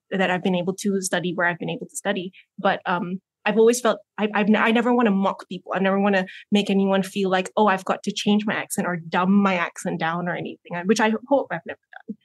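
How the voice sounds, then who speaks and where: A woman's voice: medium pitch, no room sound. A woman from Malaysia with a mixed, mostly American-leaning accent, talking as a guest in an earnest, reflective way. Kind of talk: casual talk.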